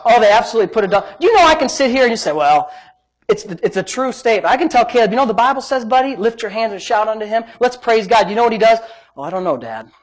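A middle-aged man preaching, a pastor telling a healing story in an animated way, swinging between loud and soft and laughing as he talks. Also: very high-pitched, racing, hardly any pauses. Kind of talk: sermon storytelling.

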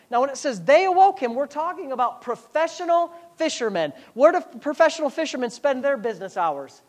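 A woman pastor preaching a sermon with a sarcastic, animated delivery. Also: mid-range voice, brisk, few pauses.

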